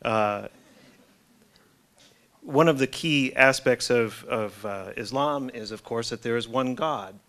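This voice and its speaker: A man's voice: medium pitch, slow, pauses often, a bit bright. A man moderating a public dialogue, asking questions politely with frequent hesitations and filler sounds. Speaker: forum moderator.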